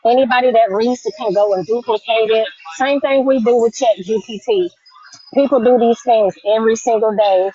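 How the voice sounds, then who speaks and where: A woman's voice: fairly high pitch, a little mellow, slight background noise. A woman musing aloud as a podcast guest, rambling through her thoughts in a casual chat. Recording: muffled lo-fi audio.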